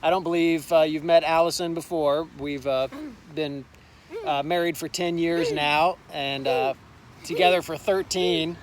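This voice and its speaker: Man, fairly high voice, friendly, many fillers, recorded outside in a park. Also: fairly even intonation, measured pace. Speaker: former youth group member giving a tribute. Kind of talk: recorded video message. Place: outdoors in a park.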